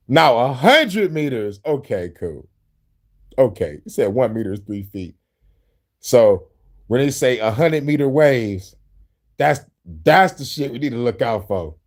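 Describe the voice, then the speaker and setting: His pitch swings widely as he speaks slowly and pauses often. He's a man hosting a show, reacting to clips with casual, profane remarks, rambling, laughing often, and slipping into squeaky bits.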